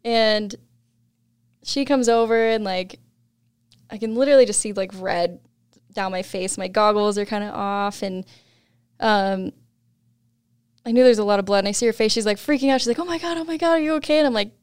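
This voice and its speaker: A young woman guest on a podcast, telling a story in casual chat, laughing often and animated when quoting others. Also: medium pitch, moderate pace, pauses often, smooth, no room sound, clean studio sound.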